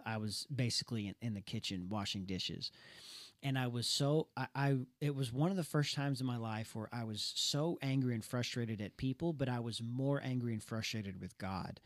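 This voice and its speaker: A man's voice: medium pitch, brisk, no echo. A young man co-hosting a casual talk, telling a personal story earnestly with many restarts. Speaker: podcast co-host.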